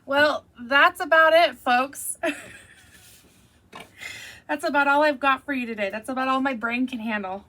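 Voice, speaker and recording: A woman's voice: sits high, slow pace, long pauses, pushed and bright. A woman hosting a quilting tutorial, wrapping up in a chatty, easygoing, self-deprecating way. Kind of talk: casual tutorial chat.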